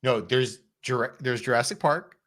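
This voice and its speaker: A man co-hosting a podcast in casual chat, making wry, deadpan asides. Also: mid-range voice, normal speed. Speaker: podcast co-host.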